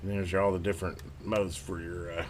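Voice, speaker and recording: A man hosting a radio repair video, chatting casually and excitedly to viewers as he tests and works at his home workbench. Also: low-pitched, brisk, a little hiss or hum. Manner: excited, rambling, talks to viewers while working. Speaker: radio repair channel host. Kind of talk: casual hands-on workbench narration.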